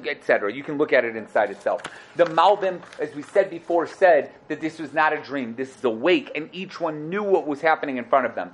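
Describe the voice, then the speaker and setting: A man teaching a Torah class, talking in a rapid, animated, conversational way. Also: on the high side.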